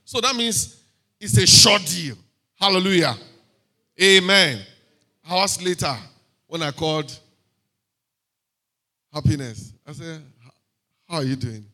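A man with a Nigerian accent giving a sermon testimony in church, lively and sprinkled with hallelujahs and pidgin asides. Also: fairly high pitch, takes it slowly, long pauses. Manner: lively, punctuated by frequent hallelujahs and amens. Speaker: preacher sharing a testimony.

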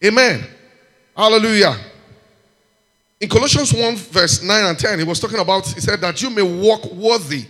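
A man preaching with a high, ringing voice in a large church hall, where a long reverb trails every phrase. He reads scripture aloud, then swings up loudly to call out amens and hallelujahs. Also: moderate pace, pauses often. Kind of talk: sermon.

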